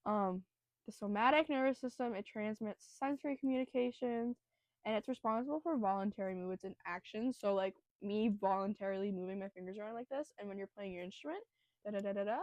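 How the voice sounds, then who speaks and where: A woman's voice: mid-range voice, quick pace, no echo, muffled recording. Young woman host, nervous and self-deprecating, rambling casual delivery, dry close sound. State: nervous, breathing heavily. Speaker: student host explaining biology. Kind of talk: casual educational podcast.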